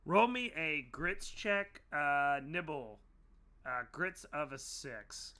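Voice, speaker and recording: A man narrating a tabletop role-playing game as game master, laughing often and slipping into quick character voices. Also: on the high side, lively intonation, bright, forceful tone.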